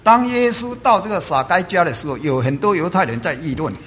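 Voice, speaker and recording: Animated high-pitched male preacher. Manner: lively, emphatic preaching with drawn-out stresses. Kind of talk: sermon with interpreter.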